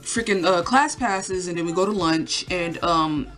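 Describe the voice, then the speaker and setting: A woman's voice: fairly low pitch, a little slow, fairly bright tone, soft background music. A young woman telling a story to camera in a casual, rambling way, full of fillers and swearing. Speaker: vlogger.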